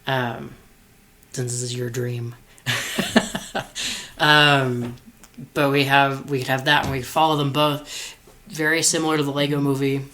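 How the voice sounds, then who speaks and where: A man's voice: medium pitch, little pitch movement, a little slow, pushed and bright, poor audio. A man co-hosting a podcast, brainstorming hesitantly with many fillers and restarts. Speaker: podcast co-host. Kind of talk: casual brainstorming chat.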